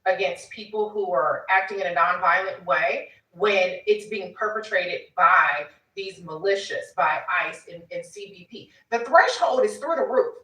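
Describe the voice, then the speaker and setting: Deliberate woman commentator, distant and echoey. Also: mid-range voice, pushed and bright. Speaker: panel commentator. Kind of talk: political commentary. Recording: roomy echo from a distant mic.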